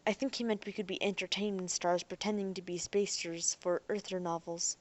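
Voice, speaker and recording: A woman voicing a polite, reserved young man from another world who speaks in a measured way. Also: mid-range voice, steady tone, lightly acted.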